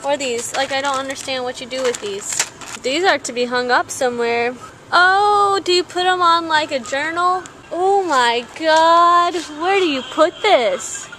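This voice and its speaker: A woman's voice: sits high, unhurried, bright, forceful tone, slight background noise. A young woman vlogging casually at a zoo and a craft store, joking around and narrating in silly voices. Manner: goofy, jokey narration with silly put-on voices. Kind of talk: casual vlog chat.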